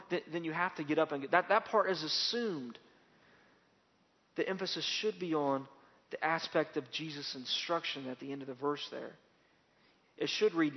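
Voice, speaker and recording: A male pastor delivers a sermon in a slightly high voice, pressing points home with repetition and rising emphatic bursts. The sound is dull and lo-fi, and a long reverb trails after each phrase. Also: moderate pace, pauses often.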